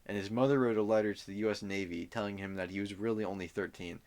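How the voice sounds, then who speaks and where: A man's voice: on the low side, steady tone, fast talker, a little mellow. A young man co-hosting a podcast, telling a story loosely in casual chat, with fillers and swearing. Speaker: podcast co-host.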